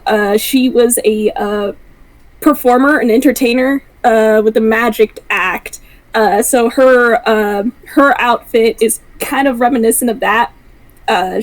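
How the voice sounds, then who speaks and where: A woman describing her character in a tabletop game, halting with many fillers. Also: fairly high pitch, poor audio. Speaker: player. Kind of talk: casual tabletop play.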